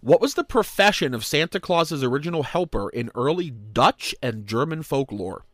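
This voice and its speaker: A man co-hosting a podcast, quizzing his partner on holiday trivia in casual, teasing banter and slowing down to read each question aloud. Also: mid-range voice, lively intonation, a bit bright, no room sound.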